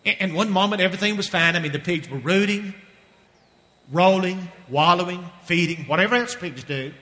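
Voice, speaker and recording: A man's voice: high voice, a little fast, sharp tone, in a large hall. A man preaching a sermon in a church, telling a Bible story and firing questions at the congregation. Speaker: pastor. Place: church sanctuary with balcony.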